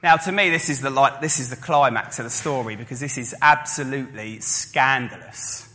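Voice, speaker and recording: Bright-voiced man preaching in a hall. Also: medium pitch, moderate pace. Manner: storytelling, acting out voices of listeners. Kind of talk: sermon. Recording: long hall reverb.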